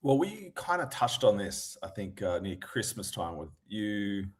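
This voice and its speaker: An Australian man co-hosting a sports podcast over a call, talking in a playful, animated way and laughing often. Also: on the low side, unhurried. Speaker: podcast co-host. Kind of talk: casual sports podcast chat.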